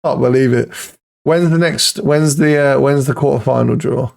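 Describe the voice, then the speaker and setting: A man commentating his own football management game, excitable and pleading at the screen, swearing now and then. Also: mid-range voice, moderate pace, vocal fry. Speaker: gaming YouTuber.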